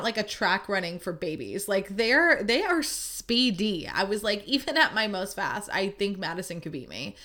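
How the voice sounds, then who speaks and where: A young woman hosting a podcast, telling a long casual story in a chatty, lively way full of "like" and the odd swear word. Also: medium pitch. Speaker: podcast host.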